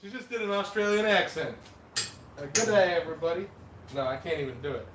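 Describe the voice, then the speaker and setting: A man's voice: on the high side, a little fast, recorded from a distance. Chatty blacksmith man in an echoey workshop. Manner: relaxed, chatty, greets viewers by name. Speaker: blacksmith streamer. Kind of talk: casual livestream chat while forging. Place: metal forge workshop. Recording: echoey workshop from off-mic with loud forge noise.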